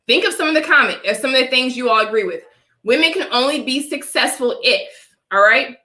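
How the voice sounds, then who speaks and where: A woman's voice: fairly high pitch, pushed and bright, reverberant. Emphatic woman with a dry cough. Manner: emphatic, repeats "all right?" to viewers. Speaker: livestream host. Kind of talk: live-streamed opinion talk.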